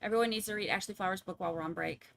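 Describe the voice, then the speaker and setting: Racing along in a mid-range voice with vocal fry, a livestream trial commentator rambles through a casual sign-off to her viewers. There's slight background noise in the recording.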